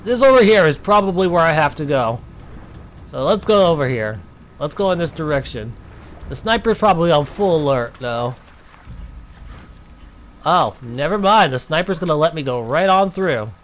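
A young man giving playful gameplay commentary, taunting enemies and breaking into drawn-out mock-dramatic shouts. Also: a little high, animated.

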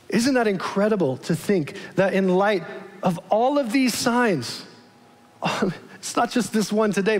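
A male pastor giving a casual, conversational sermon, often asking his congregation questions. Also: high-pitched. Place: large church. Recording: long church-hall reverb.

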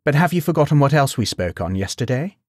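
A man's voice: mid-range voice, big pitch swings, fast talker, a little mellow, no room sound, clean studio sound, voice pushed up. A man voicing a forward, seductive noblewoman who speaks in a coaxing, assured way in a storybook reading.

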